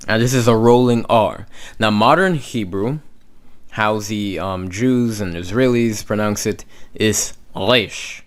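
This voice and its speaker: A man teaching beginners, explaining letter sounds slowly and checking in with "okay?" after each one. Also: fairly low pitch. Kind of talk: slow classroom explanation.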